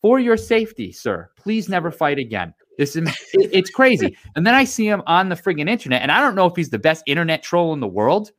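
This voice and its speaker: An adult man co-hosting a casual chat show, ranting with lots of swearing. His voice sits a little high and swings wildly up and down as he gets worked up, jumping to near shouts of disbelief. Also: a little fast, hardly any pauses. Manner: animated, profane ranting. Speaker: podcast co-host.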